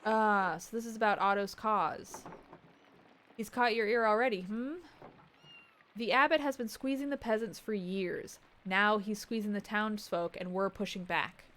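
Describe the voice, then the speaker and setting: A woman's voice: mid-range voice, a little slow. Woman streamer reading game dialogue. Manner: reads game dialogue aloud between joking asides; drops to soft muttered remarks. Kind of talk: let's-play commentary.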